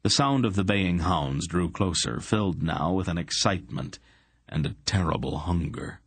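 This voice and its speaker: A man reading an audiobook in steady scripted narration. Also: deep voice, normal speed, breathy edge.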